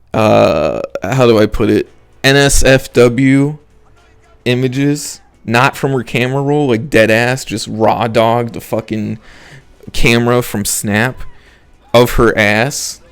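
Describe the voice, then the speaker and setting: Young male vlogger, gravelly low voice, profane and incredulous storyteller. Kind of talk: casual storytelling to camera.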